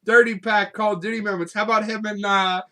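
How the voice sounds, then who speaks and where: A man's voice: sits high, level tone, a little fast, bright, forceful tone. A man in casual podcast chat who laughs often and swears as he remembers games with friends. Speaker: podcast co-host.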